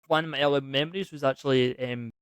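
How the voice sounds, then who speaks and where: A man's voice: medium pitch, fairly even intonation, quick pace, smooth, no room sound. A man co-hosting a podcast over a video call, chatting casually and filling his sentences with "like". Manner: chatty, uses lots of 'like' fillers. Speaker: podcast co-host. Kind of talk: casual chat.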